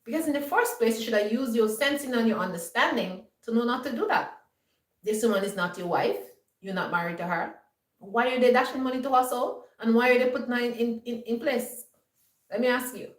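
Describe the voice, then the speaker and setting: A woman vlogger lectures her viewers in an emphatic, scolding way, often asking "you understand?". Her voice sits a little high and sounds roomy and somewhat distant from the mic. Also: brisk. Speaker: homestead vlogger. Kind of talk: lecturing monologue.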